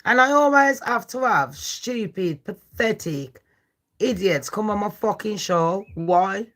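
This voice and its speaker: Ranting at her chat, a livestream host in her 40s swears and squares off with commenters between true-crime discussion. She speaks slowly yet animatedly, in a mid-range voice with a touch of brightness.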